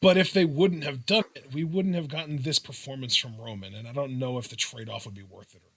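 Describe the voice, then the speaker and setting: A man's voice: medium pitch, brisk. A man co-hosting a casual wrestling review podcast, giving blunt opinions. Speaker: podcast co-host.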